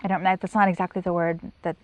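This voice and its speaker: A middle-aged woman giving personal testimony in an interview, soft-spoken and halting, with many pauses and restarts, sometimes near a whisper. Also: lowish voice, level tone, no room sound. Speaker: sign language interpreter.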